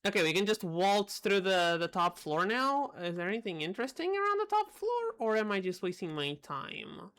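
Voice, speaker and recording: A young woman giving live gameplay commentary, dry and sarcastic in her asides. Her mid-pitched voice swings widely up and down, often jumping high when she questions things. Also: sing-song, moderate pace, hardly any pauses, a bit bright. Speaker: game streamer.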